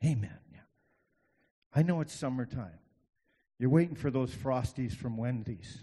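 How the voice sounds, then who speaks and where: A male pastor preaching a sermon, driving points home with repetition, swinging between loud and hushed, with folksy asides to the congregation. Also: medium pitch, a little slow, slightly rough, long reverb tail.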